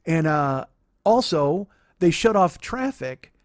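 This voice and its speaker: A man in his forties, a comedian hosting a podcast, telling a funny story in a sarcastic, profane, animated way. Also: on the high side, slow pace, no room sound, studio quality. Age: 40s. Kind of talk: comic storytelling monologue.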